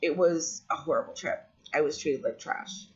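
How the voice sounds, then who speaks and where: A woman's voice: low-pitched, moderate pace. A woman vlogger telling a personal story in a candid, rambling way, with frequent ums and restarts. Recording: dull lo-fi audio.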